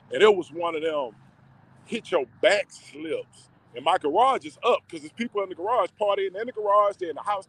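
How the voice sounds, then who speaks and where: A man telling a personal story to camera in a slangy, emotional, drawn-out way. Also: on the high side, poor audio.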